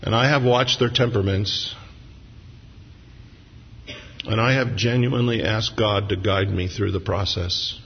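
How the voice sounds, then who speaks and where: A pastor preaches a sermon, telling family stories with humor before growing earnest and reflective. His lowish, gravelly voice moves at a moderate pace with fairly even intonation, captured in a dull lo-fi recording of a reverberant hall with slight background noise.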